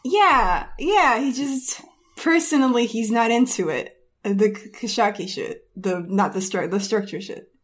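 A woman with a somewhat high voice plays a tabletop game. She speaks slowly, pausing to think through her character's answers and laughing often. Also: lively intonation. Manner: thinks aloud, laughs easily. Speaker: player. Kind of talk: casual tabletop game play.

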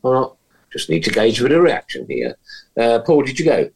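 A man's voice: medium pitch, huge pitch swings, a little fast, vocal fry, darkish tone, a little hiss or hum. A man hosting a casual chat podcast over a video call, jokey and teasing, with sing-song announcer flourishes. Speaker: podcast host.

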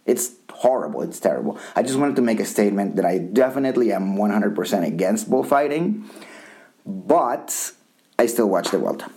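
A man's voice: on the low side, expressive, normal speed, mellow. A man from Colombia co-hosting a podcast, rambling in casual chat with frequent restarts and casual swearing. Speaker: podcast co-host.

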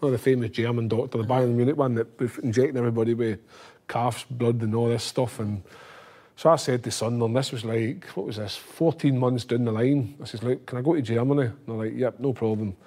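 A man's voice: medium pitch, a little fast. A man with a Scottish accent, a former footballer telling a long story as a guest in casual talk, acting out the voices of the people he quotes. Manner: animated, acts out quoted voices.

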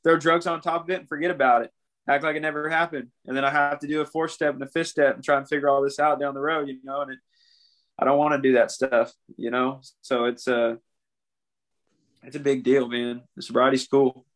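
A man's voice: medium pitch, little pitch movement, a little fast, a bit bright. A young man, a podcast guest, talking candidly and earnestly about something painful, often saying "man.". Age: young adult. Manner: earnest, emotional, calls people "man". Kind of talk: candid interview talk.

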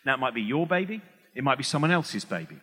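A man's voice: mid-range voice, very animated, quick pace, pushed and bright, slightly rough. A middle-aged man giving a comic talk on stage. He rambles, breaks off mid-sentence, and acts out the voices of the people he quotes. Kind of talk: stand-up style public talk. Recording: long hall reverb.

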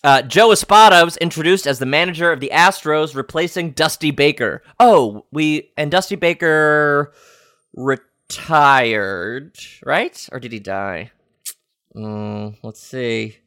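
A man's voice: on the high side, slow pace, a bit bright, smooth, no room sound, studio quality. A man hosting a comedic sports-headline podcast, rambling and playfully clueless, with lots of fillers and restarts. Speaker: podcast host.

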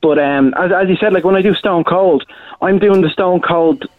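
A man's voice: high-pitched, moderate pace, dry recording. A male impressionist chatting as a guest, rambling with many restarts. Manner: rambling, frequent restarts and "you know". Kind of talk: casual interview chat. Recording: tinny phone-like line, dry.

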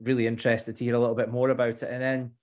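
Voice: medium pitch, little pitch movement, rapid-fire, darkish tone. A podcast host who asks questions and jokes around, laughing easily. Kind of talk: conversational podcast interview.

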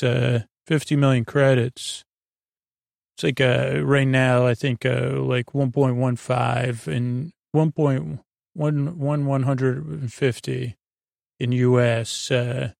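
Laid-back gravelly male podcast host. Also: medium pitch, dry recording, clean studio sound. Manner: meandering, many uh fillers, laid-back. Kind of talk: rambling sleep podcast recap.

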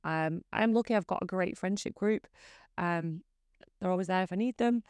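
A woman's voice: fairly low pitch, normal speed, a little mellow, smooth, dry recording. A woman in her thirties hosting a podcast, chatting in a candid, rambling, self-deprecating way. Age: 30s. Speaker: podcast host. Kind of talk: casual solo podcast chat.

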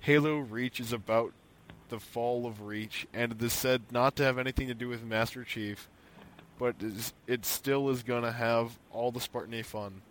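A man's voice: medium pitch, steady tone, moderate pace, a little hiss or hum. A young man co-hosting a podcast in casual chat, reading listener emails aloud with opinionated asides.

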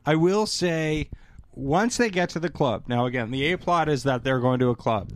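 A man's voice: on the high side, expressive, normal speed. Sarcastic man riffing on a sitcom. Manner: sarcastic, profane, acts out quotes in mocking voices. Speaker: podcast co-host. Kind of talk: casual comedic chat reviewing a sitcom.

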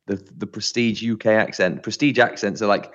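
A man's voice: fairly low pitch, fairly even intonation, fairly quick, muffled recording. A man co-hosting a podcast, chatting casually and explaining things with plenty of filler words. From United Kingdom. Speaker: podcast co-host.

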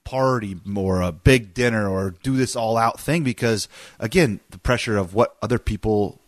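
A man's voice: on the low side, normal speed, no room sound. A man co-hosting a podcast in casual chat, earnest and opinionated, pressing his point through restarts. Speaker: podcast co-host.

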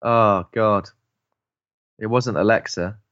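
A man with a fairly low voice talks through a film on a casual podcast, thinking aloud and tossing in jokes. The recording sounds dull and lo-fi, with a dry, close sound. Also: a bit bright, smooth, dry recording. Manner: musing, jokey, quick asides. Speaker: podcast co-host.

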